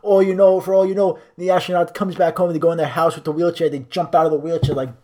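A man's voice: on the high side, flat delivery, fast, few pauses, a little mellow. A young man hosting a solo podcast, rambling through a crude, profane comic rant into a cheap microphone. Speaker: podcast host.

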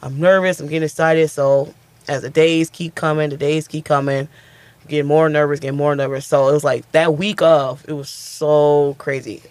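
A man's voice: a little high, normal speed, clear, resonant tone, dry recording. A man, a stand-up comedian, telling a story in a casual interview and acting out what people said. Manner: animated, chatty, acts out quotes.

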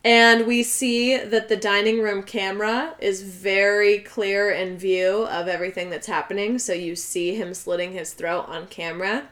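A woman's voice: mid-range voice, fairly even intonation, moderate pace, few pauses, fairly bright tone. Chatty young woman, rambling recap. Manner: rambling, filler-heavy storytelling. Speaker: podcast co-host. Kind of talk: casual chat recapping a film.

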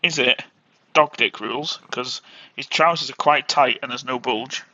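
A man co-hosting a podcast chat, dropping short, dry, cheeky remarks. His voice is bright and edged, but the recording sounds a little dull and lo-fi. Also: mid-range voice, moderate pace. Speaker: podcast co-host. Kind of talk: casual banter podcast.

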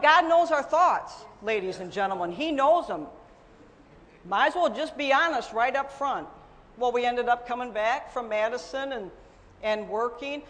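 A middle-aged woman preaching a sermon, telling her own story with emphatic swings between loud and soft. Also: on the high side, long reverb tail.

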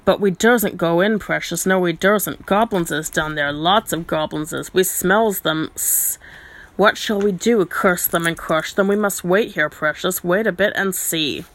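A woman's voice: fairly low pitch, unhurried, a bit bright. A woman voicing Gollum, a wretched, obsessive old male cave creature who hisses, whines and mangles his grammar as he talks to himself. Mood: fearful. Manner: whiny, broken grammar, repeats words.

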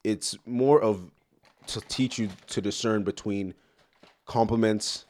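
Young man from Nigeria, guest, low-pitched, teasing, laughs a lot. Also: takes it slowly, a little mellow. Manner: playful, teasing, laughs often, trips over words. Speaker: podcast guest. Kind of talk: casual chat.

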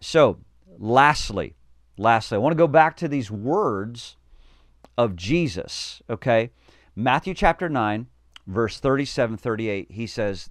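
A man's voice: medium pitch, no echo, clean studio sound. A man preaching a podcast sermon, fervent, often repeating words and building to emphatic calls.

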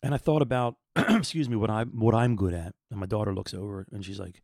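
Middle-aged man, 50s, low voice, dry recording; earnest, rambling podcast host who stumbles over repeated words. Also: fairly quick, hardly any pauses, a little mellow, dry recording. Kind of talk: personal faith talk.

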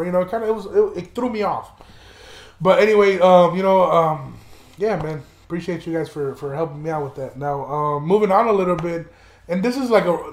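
Rambling young man, high voice, echoey room. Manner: rambling, many restarts, heavy casual swearing. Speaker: podcast host. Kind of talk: casual podcast monologue.

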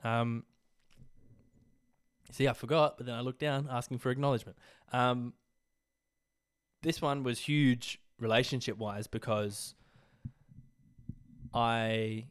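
This podcast host is a young Australian man with a medium-pitched, clean voice and fairly even intonation, taking his time with long pauses. On his casual solo show he rambles, curses, and uses plenty of fillers, coughing a little as he shakes off an illness.

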